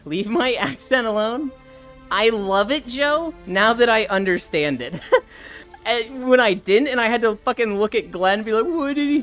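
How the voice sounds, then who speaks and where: A woman hosting a live stream, chatting casually with a guest, swearing freely and greeting chat viewers as she goes. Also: mid-range voice. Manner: animated, swears freely, reads chat aloud. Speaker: streamer host.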